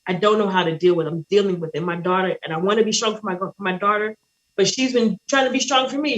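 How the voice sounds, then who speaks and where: A woman caller sharing a painful personal story, halting and shaky, with many restarts. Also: mid-range voice, poor audio.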